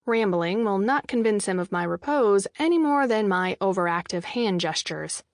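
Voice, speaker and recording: A woman's voice: medium pitch, expressive, normal speed, dry recording. Young woman narrating an audiobook, dry. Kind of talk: first-person scripted narration. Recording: dry studio voice-over.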